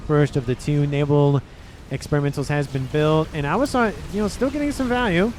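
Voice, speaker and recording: Man, game caster, somewhat high voice, excitable, faint background noise. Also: a little fast. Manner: excitable, talks to the players. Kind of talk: strategy game commentary.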